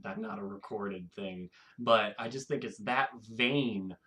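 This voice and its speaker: A man hosting his own video, talking casually to camera in a rambling, animated way and laughing often. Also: lowish voice, unhurried. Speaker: video host.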